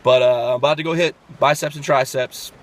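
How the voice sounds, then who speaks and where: A man's voice: medium pitch, fairly even intonation, fairly quick. A man explaining workout technique in a casual fitness vlog, talking step by step with lots of fillers and restarts. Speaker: fitness vlogger.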